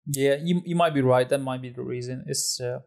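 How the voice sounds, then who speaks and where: A man's voice: medium pitch, brisk, gravelly, a little mellow. A man hosting a casual podcast chat, agreeable, steering the topics and laughing often. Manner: steering the talk, agreeable, with frequent laughs and fillers. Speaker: podcast host.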